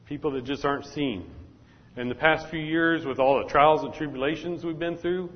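A male pastor with a fairly high voice preaches at a normal speed, addressing the congregation directly and repeating his points. His preaching is repetitive and call-and-response, and the recording has a dull, echoey hall sound.

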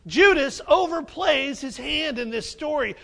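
A man's voice: very high-pitched, lively intonation, a little slow, creaky, fairly bright tone. A man preaching a sermon as pastor, conversational and humorous, repeating phrases for emphasis.

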